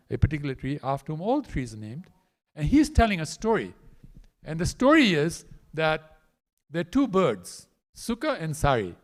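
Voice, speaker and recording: A man preaching a storytelling sermon in a temple hall, acting out the characters with animated delivery. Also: a little high.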